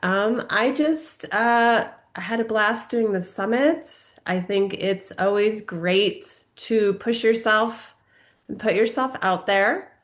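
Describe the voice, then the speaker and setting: A woman's voice: medium pitch, slow pace. A woman giving an upbeat, encouraging talk to fellow speakers, with many fillers. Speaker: summit speaker. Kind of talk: informal speech to a group.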